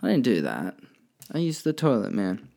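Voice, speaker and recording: Gravelly Australian man rambling on a podcast. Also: mid-range voice, huge pitch swings, normal speed, mellow. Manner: rambling and profane, self-correcting. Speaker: podcast host. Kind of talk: casual podcast chat answering listener questions.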